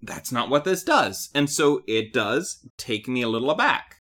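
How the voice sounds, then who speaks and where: Playful co-host, bright tone, big lively pitch swings, comedic review banter. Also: moderate pace. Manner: animated, playful storyteller. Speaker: podcast co-host. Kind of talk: casual comedic movie review.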